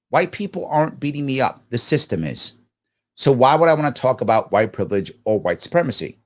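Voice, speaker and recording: A man hosting a live talk show, reading viewer comments aloud and answering them emphatically, often posing questions and answering them himself. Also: fairly high pitch. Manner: animated, jokey asides. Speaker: political talk show host.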